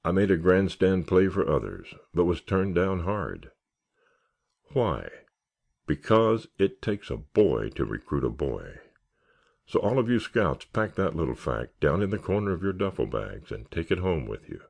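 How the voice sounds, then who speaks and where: A man's voice: low-pitched, big pitch swings, unhurried, vocal fry, a little mellow, heavily acted. A man reading a genial scoutmaster orating. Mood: rousing. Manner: earnest, oratorical, rallying cheers. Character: genial male scoutmaster giving a rousing speech. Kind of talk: audiobook character reading.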